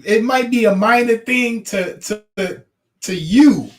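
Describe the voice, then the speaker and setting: A man hosting a casual stream chat, talking in an animated, repetitive, teasing way. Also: extremely high pitch, takes it slowly. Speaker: livestream host talking with guests.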